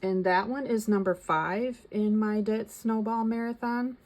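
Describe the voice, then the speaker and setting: A woman's voice: mid-range voice, fairly even intonation, unhurried, a little mellow. A middle-aged woman chatting casually as a vlogger, thinking aloud and reading out figures. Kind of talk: casual chat.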